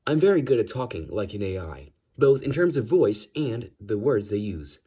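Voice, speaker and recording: A man putting on a stilted artificial intelligence voice, over-enunciating words and pausing oddly between them, recorded on a phone in his bedroom. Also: lowish voice, very animated, warm tone, breathy edge. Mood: flat, deliberate.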